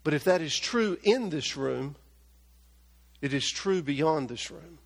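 A man's voice: a little high, animated, takes it slowly, creaky. A man preaching a sermon as pastor, with emphatic, building repetition in a church. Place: church hall. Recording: long reverb of a large hall.

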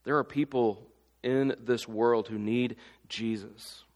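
A man's voice: mid-range voice, fairly even intonation, slow pace, darkish tone. A man preaching a sermon, impassioned and full of rhetorical questions. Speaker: pastor. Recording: long hall reverb.

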